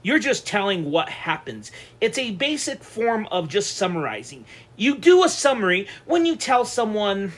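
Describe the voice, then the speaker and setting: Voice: mid-range voice, very animated, moderate pace, hardly any pauses. A channel host delivering a heated, profanity-laden rant, swearing constantly and hammering the same point over and over. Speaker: online reviewer and channel host. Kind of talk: profane ranting vlog monologue.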